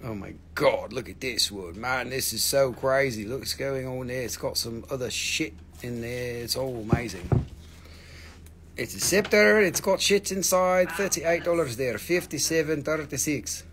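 A man's voice: mid-range voice, animated, normal speed, a bit bright, a little hiss or hum. A man hosting a live stream sale, chatting casually, joking and rambling with plenty of swearing. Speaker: live-stream crystal seller. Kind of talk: casual live sales chat.

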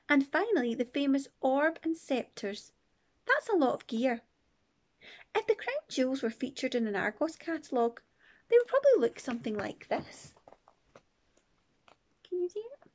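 A woman teacher reading a children's book aloud with expressive, playful asides. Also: high voice. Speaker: primary teacher. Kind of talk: storybook read-aloud.

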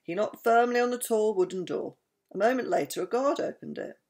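A woman's voice: medium pitch, fairly quick, a little mellow. An older woman, a grandmother, chatting affectionately with her grandchildren and reading them a bedtime story.

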